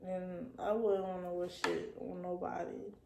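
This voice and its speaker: A young woman around twenty tells a casual storytime to her camera, her voice carrying a gravelly fry. She talks loosely, with plenty of "like," and sometimes trails off soft. The room sounds echoey, with a faint hum of ambience behind her. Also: fairly low pitch, level tone, a little slow. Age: young adult. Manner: casual slangy talk with many likes, drifting soft at times. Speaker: vlogger.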